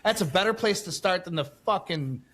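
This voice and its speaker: A male podcast host with a slightly high voice, chatting casually and spinning a story. He acts out each exchange in his own retelling and swears freely as he heats up. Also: expressive, moderate pace, fairly bright tone.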